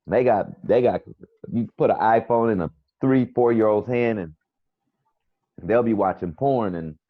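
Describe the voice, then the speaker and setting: Deep-voiced New York man, rambling. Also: measured pace, dry recording. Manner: rambling, storytelling with quoted back-and-forth. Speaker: comedian and barber guest. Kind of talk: casual video-call chat. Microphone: video call. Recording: dull lo-fi video call audio.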